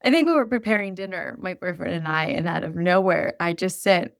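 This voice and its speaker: A woman's voice: fairly low pitch, a little fast, vocal fry, dry recording. Middle-aged woman guest, earnest and reflective, stops and restarts, dry room. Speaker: podcast guest. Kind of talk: casual chat.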